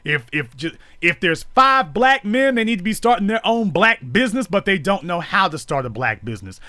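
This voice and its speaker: A man with a high, bright voice delivers a fiery live monologue. His pitch swings widely as he hammers each point home in repetitive, preachy build-ups. The sound is close and dry. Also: very animated, normal speed, no echo. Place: streamed live.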